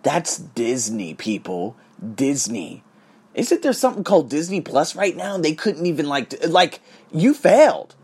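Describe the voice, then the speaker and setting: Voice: medium pitch, big pitch swings, a little slow, a little mellow, husky. A teacher ranting in a casual vlog, profane and emphatic, speaking heatedly about work. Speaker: English teacher in Bangkok.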